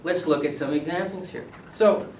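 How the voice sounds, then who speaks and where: A middle-aged man, a university English professor, leading a classroom seminar, animated and quizzing his students. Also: fairly high pitch, normal speed, slight background noise. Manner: animated, asks the class questions and repeats their answers. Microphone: camera at a distance. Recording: echoey room, voice from far off.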